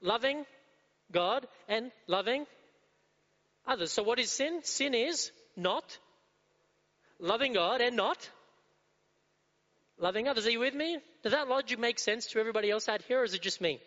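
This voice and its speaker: A male preacher delivers a sermon, throwing rhetorical questions out to the congregation and driving his points home through repetition. His voice sits high for a man. The recording is dull and muffled, with a long reverb trailing off in a hall. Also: animated, moderate pace, long pauses, bright, forceful tone.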